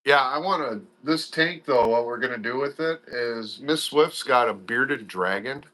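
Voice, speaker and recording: Bright-voiced chatty man in his fifties. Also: mid-range voice, unhurried. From southern Wisconsin. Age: 50s. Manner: chatty, rambling, self-deprecating. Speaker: guest. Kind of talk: casual live-stream chat.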